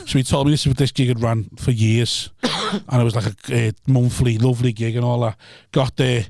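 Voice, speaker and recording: A man's voice: mid-range voice, normal speed, gravelly, darkish tone, dry recording, clean studio sound. A man, a stand-up comedian telling rambling, sweary stories in a casual podcast chat.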